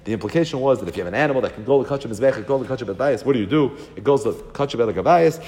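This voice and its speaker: A man giving a Talmud lesson, explaining quickly and weaving Hebrew and Aramaic terms into his English. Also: mid-range voice, expressive, a little mellow, in a large hall. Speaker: Talmud teacher. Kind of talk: Talmud lecture.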